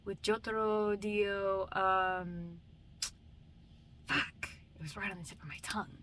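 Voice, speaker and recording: A woman's voice: mid-range voice, fairly even intonation, slow pace, fairly bright tone, a little hiss or hum. A young adult woman vlogging at home at night, chatting in a drowsy, meandering way with casual swearing. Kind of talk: late-night rambling chat.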